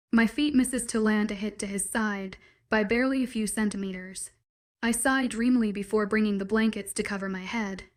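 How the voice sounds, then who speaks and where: A woman narrating a first-person romance audiobook in a soft, intimate, dreamy storytelling manner. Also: mid-range voice.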